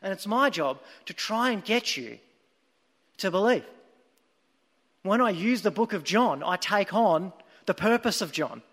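A man preaches with earnest, emphatic storytelling. His voice sits high for a man, and a long reverb trails each phrase across the hall. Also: animated, unhurried, long pauses, fairly bright tone. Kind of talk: sermon.

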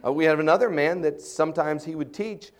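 Middle-aged male pastor, sermon delivery, earnest and emphatic, slightly raised pitch. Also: brisk. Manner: earnest, emphatic preaching with rising intensity.

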